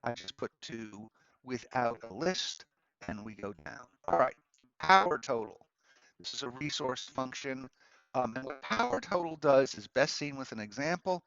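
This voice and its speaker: A man, a law professor, giving a relaxed, conversational screen-recorded lesson at his computer, with frequent ums and asides. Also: mid-range voice, moderate pace, lo-fi sound, soft background music. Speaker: law professor teaching a course.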